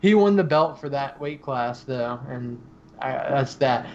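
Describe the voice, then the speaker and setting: A man's voice: mid-range voice, expressive, a little slow, dull audio, slight background noise. A man co-hosting a casual podcast, swearing often as he retells events with animation. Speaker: podcast co-host. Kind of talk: casual chat.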